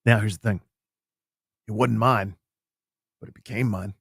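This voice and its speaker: A man's voice: lowish voice, normal speed, creaky, slightly rough, no echo. A male sports radio host telling stories in casual, playful banter into a studio mic. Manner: playful, storytelling, animated.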